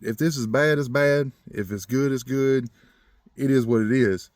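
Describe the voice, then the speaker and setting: A man telling a personal story in a rambling, earnest way, chuckling often and growing animated when he talks about faith. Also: mid-range voice, moderate pace, no room sound, clean studio sound. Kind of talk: casual storytelling.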